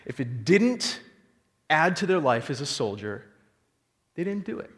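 Man, pastor, sermon, animated storytelling, rhetorical questions, long hall reverb. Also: on the high side, measured pace.

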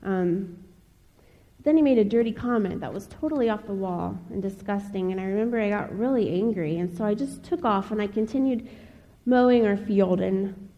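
A woman's voice: medium pitch, dark tone, lo-fi sound. Earnest woman speaking in a reverberant hall. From Ohio. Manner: earnest, measured storytelling with pauses. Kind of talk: personal testimony speech. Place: chapel. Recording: long reverb of a large hall.

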